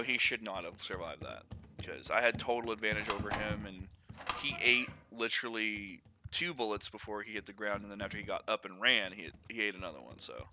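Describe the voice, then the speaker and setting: A man streaming a shooter game, talking to his chat with profane, excitable outbursts and rambling explanations. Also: lowish voice, slight background noise. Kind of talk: live gaming stream commentary to chat.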